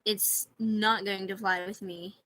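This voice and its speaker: A woman's voice: mid-range voice, measured pace, bright, forceful tone, a little hiss or hum, rough recording. A young woman on a livestream reading chat messages aloud and telling a story in a sarcastic, complaining way.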